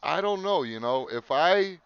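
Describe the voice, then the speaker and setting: A man's voice: on the high side, animated, unhurried, creaky, fairly bright tone, clean tone, no room sound, lo-fi sound. A man with a Chicago accent trading crude, profane jokes as a podcast co-host. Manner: crude, joking, profane banter. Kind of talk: casual chat.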